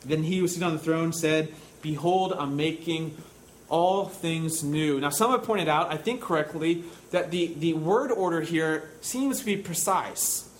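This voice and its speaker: A younger man preaching a sermon in a relaxed, conversational way, often dropping to a soft, hushed voice when he quotes comforting words. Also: a little high, normal speed, few pauses, a little hiss or hum, rough recording. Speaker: pastor.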